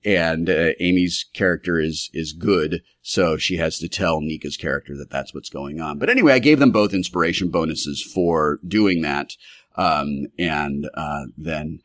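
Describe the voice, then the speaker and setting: A man's voice: a bass voice, measured pace, dry recording, clean studio sound. A man, a game master, casually telling a story from his tabletop game in a rambling way, full of fillers and restarts.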